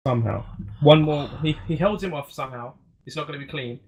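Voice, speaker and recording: A man's voice: a little high, a little fast, rough recording. A young man co-hosting a podcast, chatting casually and working through his picks hesitantly. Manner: hesitant, thinks aloud with fillers. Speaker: podcast co-host. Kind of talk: casual chat.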